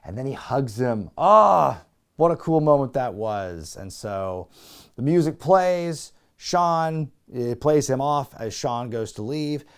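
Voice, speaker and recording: A man hosting a podcast, recapping an event in a casual, animated way and acting out the quotes. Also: slow, clear, resonant tone. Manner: animated, acts out quotes with rising pitch. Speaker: podcast host.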